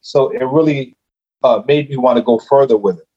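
A man's voice: mid-range voice, moderate pace, warm tone, lo-fi sound. A man who is a guest on a podcast, telling his story casually and animatedly, acting out his own reactions.

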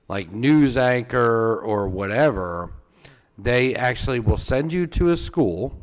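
A man co-hosting a podcast, trading crude jokes in casual banter. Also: medium pitch. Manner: crude, joking, drawn-out delivery. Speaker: podcast co-host.

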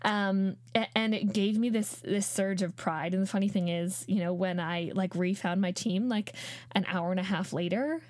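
A woman's voice: mid-range voice, fairly even intonation, moderate pace, no echo, studio quality. A woman in her late twenties with a Canadian accent, telling a personal story as a podcast host in a heartfelt, chatty way full of fillers. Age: late 20s.

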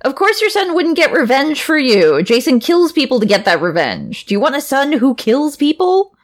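A woman's voice: high voice, sing-song, normal speed. Playful woman podcast co-host. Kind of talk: casual comedic podcast.

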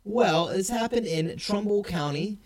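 A man co-hosting a podcast who tells stories with animated energy. He laughs often and talks casually, and his voice sits a touch high for a man. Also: a little slow, over a noisy crowd. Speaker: podcast co-host.

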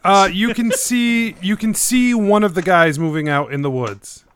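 A man's voice: high voice, fairly bright tone. A man running a tabletop game as game master, narrating and voicing bandits, laughing often. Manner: voices bandits in quick asides, laughs often.

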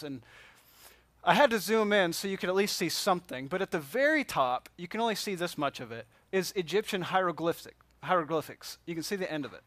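A man's voice: a little high, fairly bright tone, no room sound. A man teaching a Bible class from slides, talking casually and asking the class questions. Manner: conversational, asks the class questions.

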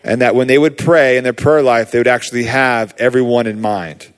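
A man preaching, telling a personal healing story in a casual, animated way with many fillers. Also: medium pitch, fairly quick, smooth. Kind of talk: sermon testimony.

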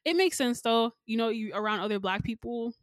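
A woman's voice: fairly quick, no echo. Casting note: young woman host, chatty recap storyteller, dry close sound. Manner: animated storytelling, acts out people's lines with pitch jumps. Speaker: podcast host recapping a show. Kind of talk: casual chat recap.

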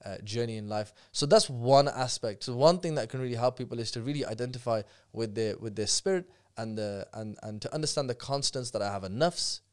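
A man, a podcast guest talking fast and animatedly, breaking off and restarting his sentences as he tells stories. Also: medium pitch, darkish tone, clean tone. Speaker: guest speaker. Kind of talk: casual podcast conversation.

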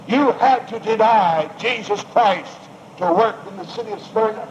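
A man's voice: extremely high pitch, big pitch swings, moderate pace, gravelly, few pauses. Emphatic preacher man, lo-fi sermon recording. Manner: emphatic, rising and falling delivery with repetition. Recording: dull lo-fi recording with faint noise.

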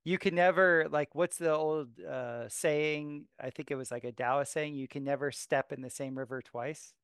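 A man's voice: fairly high pitch, steady tone, normal speed, a bit bright, clean tone, dry recording, studio quality. A man who works as a massage therapist and astrologer, musing loosely and thinking aloud in a casual podcast chat.

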